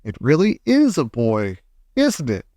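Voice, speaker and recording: A man's voice: mid-range voice, wildly swooping pitch, unhurried, dark tone, dry recording, studio quality. A man reading aloud voices a flustered, bossy fire chief in a storybook. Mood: amazed.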